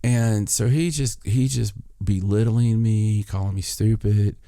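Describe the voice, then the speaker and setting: A man's voice: on the low side, steady tone, unhurried, dark tone, smooth, no room sound, studio quality. A man hosting a podcast, casually telling a story and acting out both sides of an argument. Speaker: podcast host.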